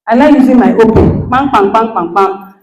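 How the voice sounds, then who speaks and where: A middle-aged woman with a Nigerian accent, giving an animated motivational talk that acts out quoted dialogue and checks in with her listeners. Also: fairly high pitch, moderate pace, reverberant, lo-fi sound, a little hiss or hum. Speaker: guest speaker, lecturer.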